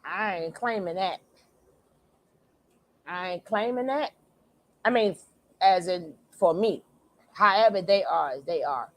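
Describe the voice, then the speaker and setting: A woman hosting a reaction channel, talking loudly and animatedly in casual commentary, laughing and repeating her phrases. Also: on the low side, takes it slowly, long pauses.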